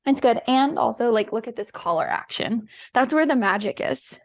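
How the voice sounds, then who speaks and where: A woman's voice: fairly high pitch, lively intonation, normal speed, vocal fry, no room sound, clean studio sound. A young woman co-hosting a podcast, bubbly and self-mocking in a casual chat over a video call. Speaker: podcast co-host. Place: room by a window, video call.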